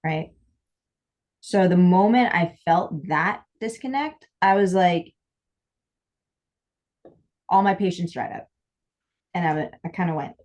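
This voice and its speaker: A woman co-hosting a podcast in a casual, heartfelt chat. Her voice sits on the low side, and she talks candidly, doubling back on her words and acting out what she once said. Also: takes it slowly, pauses often, a little mellow. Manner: candid, rambling with frequent restarts and quoted asides. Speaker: podcast co-host.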